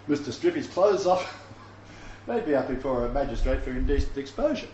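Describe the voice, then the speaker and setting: A man's voice: medium pitch, very animated, normal speed, a little mellow, a little hiss or hum. A man giving an informal Bible-study sermon, reading verses aloud and commenting, chuckling at his own asides. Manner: reads scripture aloud, then comments. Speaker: Bible teacher. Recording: roomy, dull lo-fi recording.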